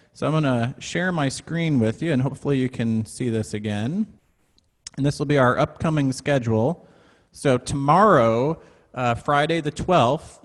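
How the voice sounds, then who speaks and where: A man's voice: medium pitch, in a large hall. A man hosting an online music class, chatting through upcoming announcements in an upbeat, casual way with frequent fillers, over a video call. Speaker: music center staff host.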